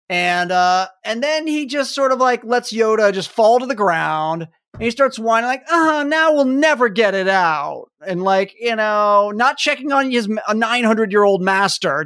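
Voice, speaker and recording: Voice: mid-range voice, fairly bright tone, no room sound, clean studio sound. A podcast host chatting casually and enthusiastically, rambling with many fillers.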